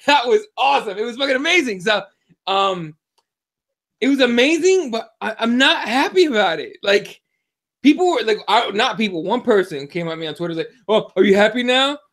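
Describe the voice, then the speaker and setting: A man co-hosting a combat sports podcast, talking in a casual, profane, excitable way and telling stories with lots of animation. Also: very high voice, moderate pace. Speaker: podcast co-host.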